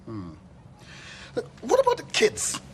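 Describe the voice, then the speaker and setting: A man's voice: very high-pitched, huge pitch swings, measured pace, slight background noise, exaggerated voice. An actor playing a wry, cautious father in a 1980s TV soap, with a hesitant manner. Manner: wry, hesitant, soft laughs.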